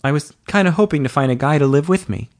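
A man reading an audiobook voices a shy, hopeful young male farmhand who talks plainly and softly. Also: a little high, lively intonation, quick pace, pitched above the performer's own voice. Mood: bashful.

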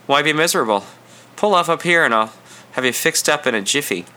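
A man voicing a bold, confident young male hitchhiker in his early twenties, warm and friendly but far too sure of himself. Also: a little high, lively intonation, brisk, pitched above the performer's own voice. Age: 20s.

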